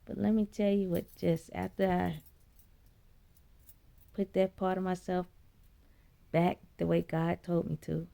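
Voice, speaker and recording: A woman telling a spiritual story in a blunt, profane, chatty way, her voice leaping high when she quotes herself. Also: little pitch movement, a little slow, gravelly, long pauses, mellow. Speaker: vlogger. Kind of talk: casual spiritual storytelling monologue.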